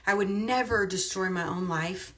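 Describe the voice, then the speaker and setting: A woman's voice: medium pitch, moderate pace. Woman, casual livestream monologue, emphatic, chatty, repeats herself.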